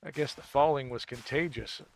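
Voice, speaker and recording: A man's voice: mid-range voice, moderate pace, creaky, a little hiss or hum. A man streaming a game from his computer, chatting in a rambling, jokey way and laughing at his own puns. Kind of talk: casual chat while playing a game.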